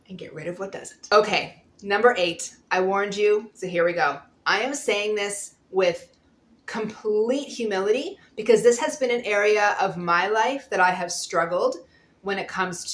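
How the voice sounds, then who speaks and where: A woman's voice: mid-range voice, a bit bright. Woman, thirties, homeschool vlogger; candid and encouraging, mid-range voice, room echo. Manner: earnest, candid, laughs easily. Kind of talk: encouraging talk to camera. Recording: echoey room.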